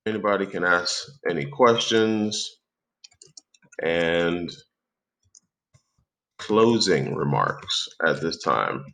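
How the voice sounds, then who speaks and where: A man hosting a software tutorial, calmly talking through each step aloud as he types into a document. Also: low voice, takes it slowly, gravelly, long pauses. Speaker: tutorial host. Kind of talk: screen-recorded software tutorial.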